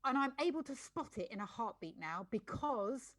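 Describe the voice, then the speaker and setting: A woman's voice: a little high, lively intonation, moderate pace, dry recording. A woman, a podcast guest and life coach, talking candidly and bluntly, given to ranting and swearing. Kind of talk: candid conversational chat.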